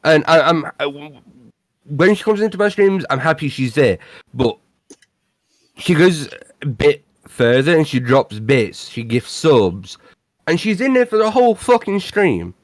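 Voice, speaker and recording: A man's voice: fairly high pitch, sing-song, unhurried, no echo, clean studio sound. A young British man co-hosting a podcast in casual chat, blunt and teasing, swearing freely. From Britain. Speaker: podcast co-host.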